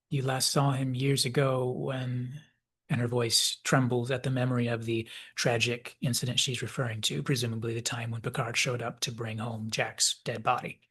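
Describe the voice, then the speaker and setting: A man with a husky, slightly breathy voice talks through a story in a thoughtful analysis. He muses aloud at a middling pitch and now and then sinks into a soft whisper. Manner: reflective, musing, drops into soft whispers at times. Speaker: video essayist.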